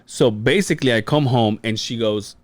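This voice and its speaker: A man's voice: mid-range voice, moderate pace, no echo. A man from Mexico, a podcast co-host, chatting casually and rambling with lots of fillers and restarts. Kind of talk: casual chat.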